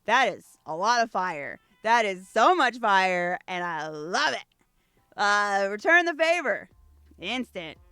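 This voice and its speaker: A woman's voice: medium pitch, sing-song, slow, bright, forceful tone, clean tone, dry recording, faint music behind. A woman hosting a casual unboxing video, reading card text aloud between gushing asides. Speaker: VTuber host.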